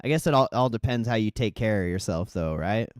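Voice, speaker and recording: A man hosting a live stream, chatting casually and reading out viewer comments, relaxed and profane. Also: lowish voice, brisk, clean tone, no room sound, studio quality. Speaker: livestream host.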